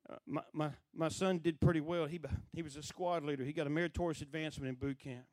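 A middle-aged man preaching, telling a story with lively acted-out voices. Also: on the high side, fast, no room sound. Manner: animated storyteller who acts out quoted voices. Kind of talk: sermon storytelling.

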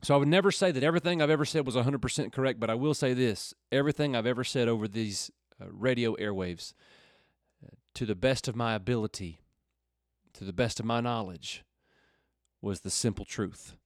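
A man's voice: medium pitch, brisk, no echo, studio quality. A middle-aged man teaching and praying on a Christian radio program, earnest and folksy, rising to fervent appeals. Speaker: radio preacher. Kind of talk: radio Bible teaching with prayer.

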